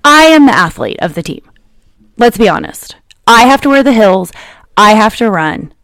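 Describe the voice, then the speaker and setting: A woman's voice: on the high side, very animated, a bit bright, no echo. A woman in her thirties hosting a podcast, chatting casually and teasing her guest. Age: 30s. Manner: teasing, playful, quick to laugh. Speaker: podcast host. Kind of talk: casual chat.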